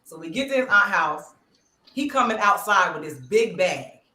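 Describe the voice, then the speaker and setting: A woman co-host tells a story with lots of drama and acts out every person in it. Her voice is bright and swings widely in pitch. It sounds like she is in a roomy space with some echo. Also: lively intonation, moderate pace. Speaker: podcast co-host. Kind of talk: animated storytelling.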